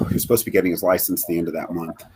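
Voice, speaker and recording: A middle-aged man telling a personal story as a guest in a live interview, halting and earnest, with many fillers and restarts. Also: low-pitched, flat delivery, noisy background. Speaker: guest, bereaved father.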